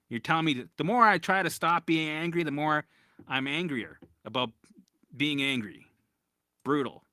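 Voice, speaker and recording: A man's voice: a little high, normal speed, no echo, clean studio sound. A man hosting a casual live-stream Q&A as a recovery coach, talking bluntly with swearing and frequent restarts. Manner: blunt, profane, animated, with lots of restarts.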